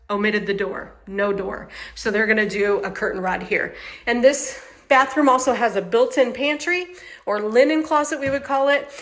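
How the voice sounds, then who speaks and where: A woman's voice: fairly high pitch, fairly bright tone. A woman with a Midwestern American accent giving a chatty, enthusiastic walkthrough of a home, indoors. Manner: chatty and enthusiastic, repeats phrases. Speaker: manufactured home sales host. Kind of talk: casual walkthrough home tour.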